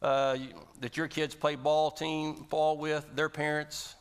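A man's voice: on the high side, little pitch movement, slow, clear, resonant tone. A man preaching a sermon as pastor, with an emphatic delivery that leans hard on repeated phrases. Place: church sanctuary. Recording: long hall reverb.

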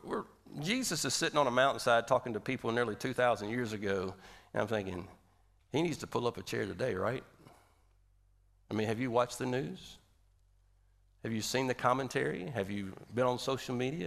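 Gravelly man preaching a lively sermon. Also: mid-range voice. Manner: conversational, animated preaching with rhetorical questions. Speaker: pastor.

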